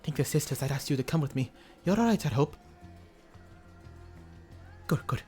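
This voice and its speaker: A man's voice: a little high, lively intonation, moderate pace, warm tone, soft background music, lightly acted. A man reading a polite tribeswoman's game lines aloud in a put-on accent, stumbling over some words. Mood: worried.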